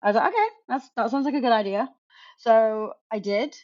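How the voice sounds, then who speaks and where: A woman's voice: on the high side, brisk. Woman in her thirties, muffled call audio. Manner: lively storyteller, laughs often. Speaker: podcast guest, remote work coach. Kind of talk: casual interview storytelling.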